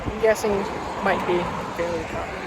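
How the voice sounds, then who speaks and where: A man's voice: high-pitched, steady tone, moderate pace. A man talking in a casual, wry and self-mocking way while walking outdoors for a vlog. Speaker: walking vlogger. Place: outdoors by a road. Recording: outdoor traffic noise.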